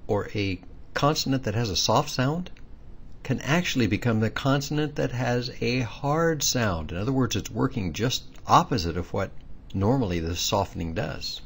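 A man with a low, slightly husky voice teaches a pronunciation lesson. He sets out each rule and its exceptions patiently and methodically, stressing the words that matter. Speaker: language teacher. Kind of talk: explanatory lesson.

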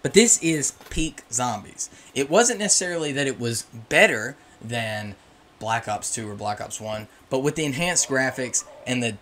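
A man's voice: mid-range voice, lively intonation, normal speed, a bit bright, a little hiss or hum. Opinionated young man ranting about games. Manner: opinionated and ranting, with emphatic swings. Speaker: gaming YouTuber. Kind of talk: casual commentary.

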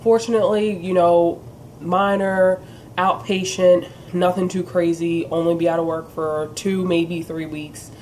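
A woman's voice: on the low side, flat delivery, measured pace, darkish tone, a little hiss or hum. A woman vlogging to camera in an earnest, encouraging way. Her voice sounds congested and nasal from a sinus problem, and she fills her talk with "um" and "you know". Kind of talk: casual direct-to-camera chat.

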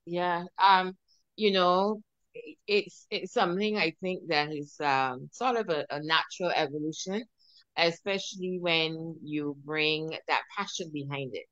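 A woman's voice: low-pitched, measured pace, fairly bright tone, no echo. A woman hosting a podcast interview who speaks hesitantly, with many filler sounds. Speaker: podcast host. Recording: dry, dull lo-fi sound.

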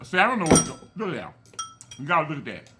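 A man hosting an eating vlog, casually and affectionately giving shout-outs to his fans and stumbling over names as he corrects himself. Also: a little high, huge pitch swings, rapid-fire, very noisy. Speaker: mukbang channel host. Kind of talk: casual chat to viewers while eating.

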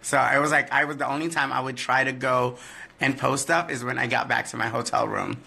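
A man's voice: medium pitch, fairly even intonation, fairly quick, gravelly, sharp tone, breathy edge. A man who performs in drag, answering fan questions in a candid, profane live-stream chat and often trailing off with "I don't know.".

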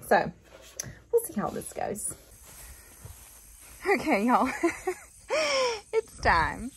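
A woman's voice: sits high, wildly swooping pitch, extremely slow, pauses often, slightly rough, low-quality recording. A woman chatting casually in her farm vlog, laughing often and talking straight to her handheld phone. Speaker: farm wife vlogger.

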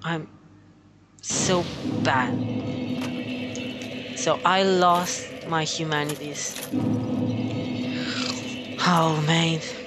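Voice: mid-range voice, fairly even intonation, drawn-out words, long pauses. A gamer casually narrating a play session, reacting aloud, swearing and calling out "mate" often. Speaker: gameplay commentator. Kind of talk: casual let's-play commentary. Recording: loud game music under voice.

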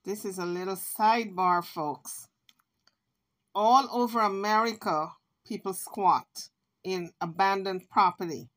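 A woman hosts a casual commentary vlog, speaking in a chatty, speculating way. Her voice sits at a middle pitch. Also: a little slow, fairly bright tone. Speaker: commentary channel host.

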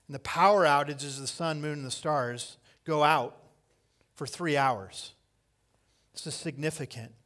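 Guy pastor preaching, kinda high voice, gets loud then real quiet, repeats stuff. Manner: impassioned preaching, swings between loud cries and hushed lines; repeats key phrases for emphasis. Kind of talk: sermon.

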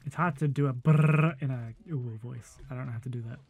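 A man's voice: mid-range voice, brisk, hardly any pauses, a little mellow, lo-fi sound. A man giving live, jokey commentary while he plays a video game, exclaiming and laughing often. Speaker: game streamer.

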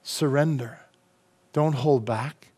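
A man's voice: medium pitch, slow, mellow, breathy edge. Impassioned middle-aged male pastor preaching. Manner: impassioned preaching with rhetorical questions to the congregation. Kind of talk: sermon.

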